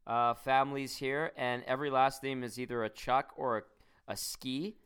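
Smooth-voiced, teasing male co-host. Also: mid-range voice, moderate pace. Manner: animated storyteller, teasing. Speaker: podcast co-host. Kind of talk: casual chat.

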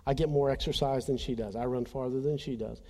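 A male pastor tells a personal story in an earnest, conversational sermon, addressing the congregation directly. His voice is mellow and warm, at a middle pitch. It rings with the long reverb of a large church hall. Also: fairly even intonation, a little fast.

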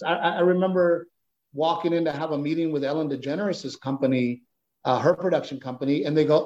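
A man's voice: on the high side, fairly quick. A man with a slightly raised voice tells stories in an interview the way a stand-up comic would, acting out the people in them. His sound has a roomy echo and a dull, muffled tone. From United States. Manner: animated storytelling, acts out other voices. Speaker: stand-up comedian, guest. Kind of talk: conversational interview answer.

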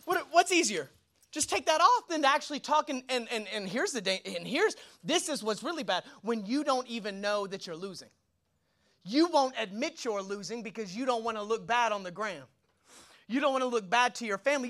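A young man preaching a sermon as pastor, energetic and colloquial, with slang and rhetorical questions. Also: extremely high pitch, brisk.

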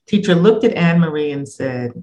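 A man narrating a personal essay in a measured, reflective reading voice. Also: a little high, animated, a little mellow, poor audio.

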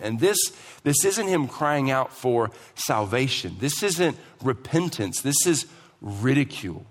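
A man's voice: medium pitch, very animated, slow, slightly rough. A man preaching a sermon as pastor, emphatic and asking the congregation questions, in a church hall. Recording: long hall reverb.

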